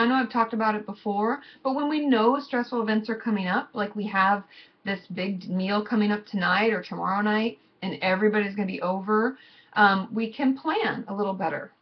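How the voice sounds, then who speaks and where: A woman therapist giving casual, gently reassuring advice to her viewers in a chatty, conversational way. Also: medium pitch, dull audio. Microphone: computer mic.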